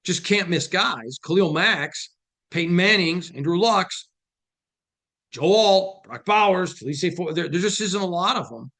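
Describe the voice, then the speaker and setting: A man's voice: sits high, animated, fairly bright tone. A man hosting a casual sports talk show, answering viewer questions in an emphatic, joking manner. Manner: emphatic, preachy, quick to joke. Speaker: host.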